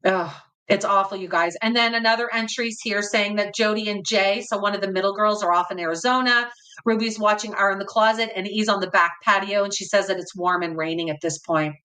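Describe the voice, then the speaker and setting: A woman's voice: medium pitch, fairly quick, sharp tone, low-quality recording. A woman hosting a channel, reading journal excerpts aloud and adding somber, dismayed comments to her viewers. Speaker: host.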